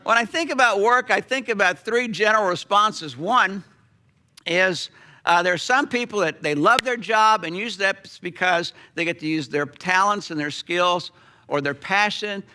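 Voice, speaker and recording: A middle-aged pastor telling a story in a sermon, animated, with sudden drops to a hush. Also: male voice, sits high, moderate pace, slight background noise.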